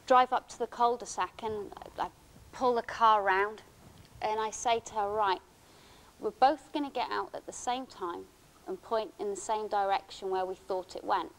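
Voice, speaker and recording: A woman giving a conference talk, recounting a personal experience in a halting, emotional way with many restarts. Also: mid-range voice, rough recording. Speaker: conference speaker. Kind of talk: first-person account given as a conference talk. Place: conference hall.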